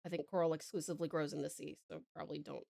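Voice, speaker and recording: An Australian woman from Tasmania chatting softly to viewers while she draws, affectionate and rambling with little chuckles. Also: low-pitched, level tone, very fast, creaky. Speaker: streamer. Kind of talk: casual livestream chat while drawing.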